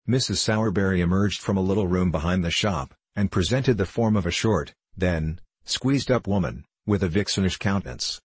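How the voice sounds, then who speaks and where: A deep-voiced man reads a classic novel aloud in a measured audiobook style. His voice is husky, and the recording is close and dry. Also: no echo. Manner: measured, even reading. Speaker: narrator.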